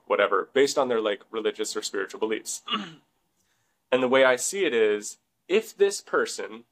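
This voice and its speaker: A man's voice: medium pitch, a bit bright, low-quality recording. Young man musing in a rambling way. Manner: rambling, frequent "like" fillers and swearing. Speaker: podcast co-host. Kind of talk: casual podcast talk.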